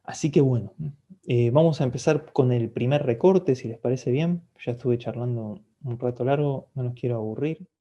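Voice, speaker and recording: A man giving a recorded class lecture in a relaxed way, with drawn-out fillers and frequent checks with his listeners. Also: medium pitch, muffled recording.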